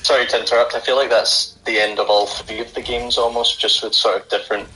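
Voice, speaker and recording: A man's voice: medium pitch, steady tone, quick pace, pushed and bright, faint music behind, low-quality recording. Scottish man calling in to a show. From Scotland. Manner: chatty and agreeable. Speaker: caller. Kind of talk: casual call-in chat.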